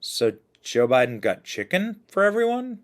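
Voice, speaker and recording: Animated mocking male commentator. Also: high voice, moderate pace. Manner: mocking, animated, laughs often. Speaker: political commentary host. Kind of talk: reaction commentary on clips.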